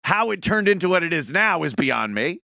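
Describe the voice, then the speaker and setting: A man's voice: fairly high pitch, very animated, fairly quick, vocal fry, sharp tone, no room sound, studio quality. Profane, blunt man hosting. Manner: blunt, profane, mocking asides. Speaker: podcast host. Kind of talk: casual opinion monologue.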